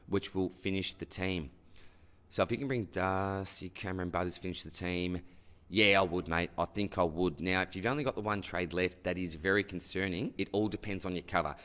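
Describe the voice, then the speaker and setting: A deep-voiced Australian man runs a relaxed mailbag segment, easygoing and conversational. He talks to each listener like an old mate and tacks a friendly "mate" or "buddy" onto nearly every sentence. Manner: matey and chatty, tags most sentences with "mate" or "buddy". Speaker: fantasy sports host answering listener questions. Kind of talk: casual mailbag Q&A.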